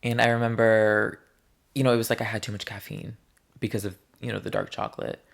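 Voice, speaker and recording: A man's voice: lowish voice, flat delivery, brisk, gravelly. A young man talking straight to camera in a casual vlog, rambling in a playful and candid way and drawing out his words. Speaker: vlogger. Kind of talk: casual chatty vlog monologue.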